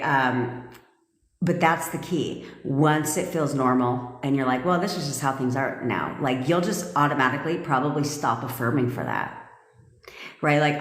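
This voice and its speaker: A woman manifestation coach in casual live-stream chat, profane and chatty, often laughing. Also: extremely low pitch. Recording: echoey room with long reverb.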